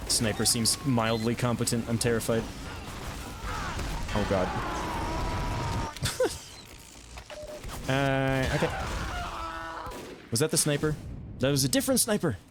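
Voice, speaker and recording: A man streaming a video game, chatting casually about his plays with self-amused asides and quick reactions. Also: medium pitch, wildly swooping pitch, noisy background. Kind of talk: casual gameplay commentary.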